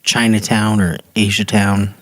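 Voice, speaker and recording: A man's voice: fairly low pitch, level tone, unhurried, dry recording, clean studio sound. A man co-hosting a podcast in casual chat, tossing out offbeat ideas. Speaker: podcast co-host.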